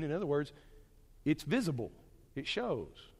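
A man preaching a sermon to his congregation in a conversational, animated way, with homely asides and jokes. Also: on the high side, normal speed, big-room sound. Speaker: pastor. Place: church sanctuary.

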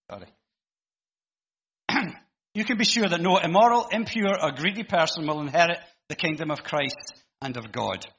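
A man preaching in a church hall, reading scripture and joking with the congregation in between. His voice sits a little high and husky. The recording is muffled and rings with a long hall echo. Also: normal speed, a bit bright. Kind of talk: sermon with Bible reading.

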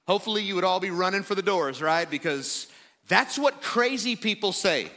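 A man in his thirties preaching a sermon to a church congregation, animated and conversational, acting out quoted voices. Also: high-pitched, moderate pace. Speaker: pastor. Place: church sanctuary.

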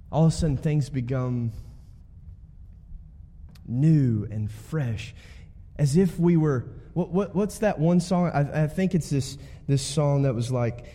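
A guest pastor preaches in a chatty, call-and-response way. He is a man with a fairly high pitch and a dark, mellow tone. His voice rings out with the long reverb of a church sanctuary. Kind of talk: sermon.

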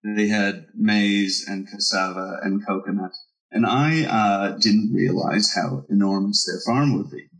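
A man's voice: on the low side, fairly even intonation, measured pace, a bit bright, far from the mic, rough recording. A man hosting a conversation who tells a personal story casually, hesitating with fillers.

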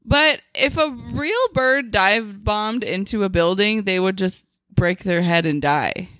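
A woman's voice: mid-range voice, slow pace, a bit bright, no room sound. A woman co-hosting a podcast, chatting casually about a bad movie, saying "like" a lot and laughing. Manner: chatty, heavy use of "like", laughing. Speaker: podcast co-host.

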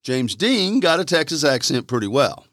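A male historian chatting as a podcast guest, wry and jokey, his pitch jumping up when he gets animated. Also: normal speed, no echo, studio quality. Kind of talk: casual conversation.

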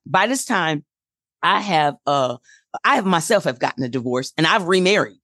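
A woman in her forties telling a personal story in a casual chat, acting out quoted dialogue with lively energy. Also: fairly low pitch, normal speed, dry recording, clean studio sound.

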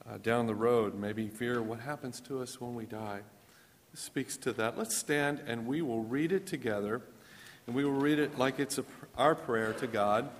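A man introduces a prayer in a church service in a plain, unhurried voice of middle pitch. The long reverb of the sanctuary surrounds him, with faint room noise underneath. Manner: plain, unhurried, reads prayer slowly and loudly with the congregation. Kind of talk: leading congregational prayer.

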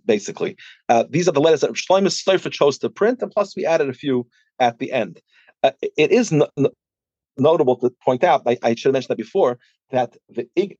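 On a podcast about his published book, a man explains a scholarly topic in a casual, halting manner full of fillers and restarts. His ordinary-pitched voice sounds dry, close, and a little mellow, with no room sound, though the audio is slightly dull and muffled.

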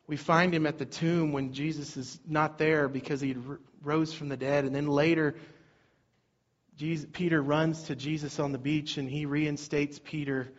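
A man's voice: a little high, muffled recording. Man preaching a conversational sermon. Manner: conversational preaching, rising and falling intensity. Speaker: pastor.

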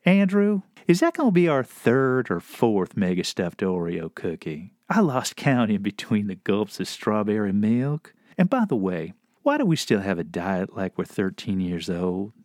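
A mellow, easygoing male waiter drawls his words in a slow Southern US accent, as a man puts him on. His pitch wanders up and down with a lively sing-song. The recording is dry and close. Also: dry recording. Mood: teasing.

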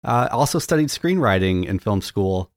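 A man's voice: on the low side, expressive, normal speed, no echo, studio quality. A man hosting a casual podcast interview, asking questions and making playful remarks. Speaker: podcast host.

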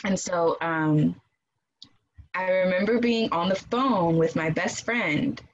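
Lively woman telling a story, low voice. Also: slow pace, dull audio. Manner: animated, acts out quoted voices, laughs often. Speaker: guest telling her birth story. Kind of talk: casual storytelling.

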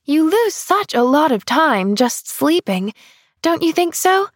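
A woman's voice: high-pitched, sing-song, a little slow, dry recording, studio quality, pitched above the performer's own voice. A woman voicing a cheerful, eager little girl who gushes breathlessly in a storybook reading. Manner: gushing, breathless and exclamatory.

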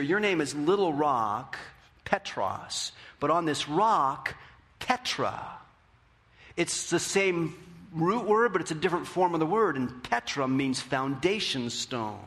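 A man preaching a sermon as pastor, animated, acting out the quotes in a raised voice. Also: fairly high pitch, moderate pace. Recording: hall with long reverb.

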